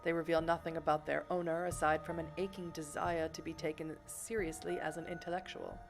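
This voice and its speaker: Polite mocking vampire sheriff guy read by a woman in her own low-ish voice, calm and smug, game stream. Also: brisk, creaky, over music. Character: smooth, polite male vampire sheriff, quietly menacing.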